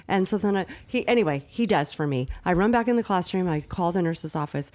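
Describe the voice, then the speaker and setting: A woman's voice: fairly low pitch, fast talker, few pauses. A young woman co-hosting a podcast, telling a rambling story in a casual chat and acting out the dialogue. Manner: rambling, animated retelling with quoted dialogue. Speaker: podcast co-host.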